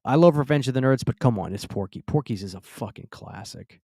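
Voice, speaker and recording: On a relaxed live Q&A stream, a Southern US host chats, stumbles over restarts and reads viewers' comments out loud. His mid-range voice is animated, mellow and a little fast. A close studio mic yields studio-quality sound without echo.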